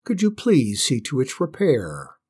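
Storybook spinster, voiced by a male reader: clipped, reproachful, husky. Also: mid-range voice, huge pitch swings, darkish tone, heavily acted. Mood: brisk. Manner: brisk, reproachful. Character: determined sharp-tongued spinster woman.

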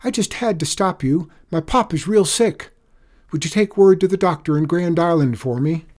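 A man's voice: fairly high pitch, sing-song, moderate pace, a little mellow, pitched above the performer's own voice. A man doing a pleading frontier boy. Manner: pleading, stammering. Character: worried frontier boy, young and earnest.

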